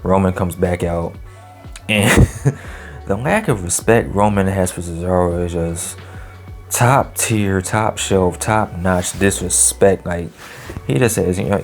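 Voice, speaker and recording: A man with a low voice runs through a wrestling show in a loose, chatty solo review. He leans on fillers and slang and breaks into laughs now and then. Soft music plays underneath. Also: slow, vocal fry. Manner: laughs often between remarks. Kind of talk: casual solo review vlog.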